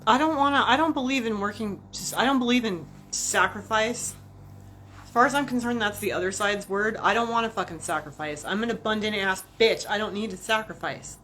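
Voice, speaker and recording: A woman vlogger rants casually and profanely about jobs in a mid-range voice. She tells stories in an animated, self-mocking way. There is faint background hiss. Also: medium pitch, fairly quick. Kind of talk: casual rant to camera.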